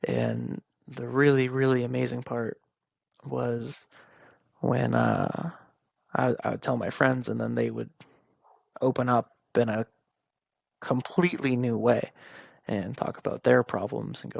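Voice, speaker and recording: A young male podcast host talks candidly and informally about his own life in a personal monologue, quoting friends and family and swearing at times. His medium-pitched voice is unhurried and slightly rough, with vocal fry, frequent pauses and no echo.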